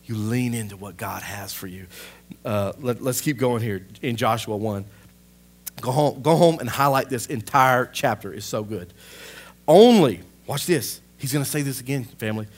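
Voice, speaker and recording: A pastor in full sermon mode. The man builds to loud, fervent peaks, then sinks to a soft, close aside. His pitch sits at a plain middle height. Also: moderate pace. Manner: impassioned preaching that swells loud, then drops to a hushed aside.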